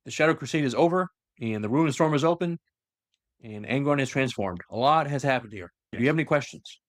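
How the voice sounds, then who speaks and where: With a mid-range voice at a fairly quick clip, this man recounts a long piece of lore to his podcast co-host, animated and casual, voicing the quotes himself and dropping frequent fillers. The sound is studio quality with no echo.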